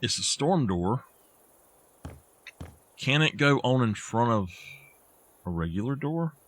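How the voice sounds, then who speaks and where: A man's voice: medium pitch, slow pace. A man, chatting casually to his viewers while playing a game live, rambling and thinking aloud. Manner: relaxed, rambling, self-talk with restarts. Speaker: game streamer.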